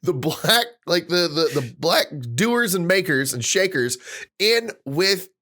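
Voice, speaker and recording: A man's voice: high-pitched, lively intonation, slow pace, bright, forceful tone. A man hosting a casual podcast, ranting heatedly and swearing freely. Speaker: podcast host.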